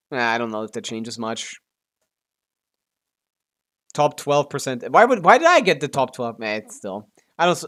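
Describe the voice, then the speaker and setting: A male streamer chatting casually while playing and guessing, mumbling, correcting himself, and swearing now and then. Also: medium pitch. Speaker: game streamer.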